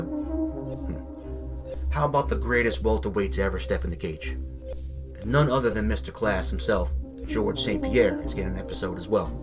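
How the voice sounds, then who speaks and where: A man hosting a podcast, teasing and building hype for upcoming episodes. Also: fairly low pitch. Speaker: podcast host. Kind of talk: hyped show announcement.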